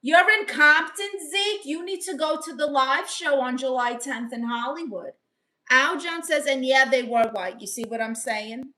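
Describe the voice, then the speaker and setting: Reading her chat aloud on a casual livestream, a woman from Brooklyn, New York, snaps back with sassy, quick replies in her Brooklyn accent. Her voice is high and sharp-toned.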